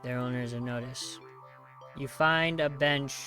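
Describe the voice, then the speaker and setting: Over soft background music, a gamer narrates a text horror game in a bright, forceful voice of medium pitch, keeping a measured pace and fairly even intonation. The lines get skimmed with a sarcastic "blah, blah," and the choices are read out and then met with mock outrage.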